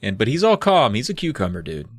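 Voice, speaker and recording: Male co-host, expressive delivery, dry close recording. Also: fairly low pitch, fast talker, no room sound. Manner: animated, jokey, swears casually. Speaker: podcast co-host. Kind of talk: casual book-club chat and reading aloud.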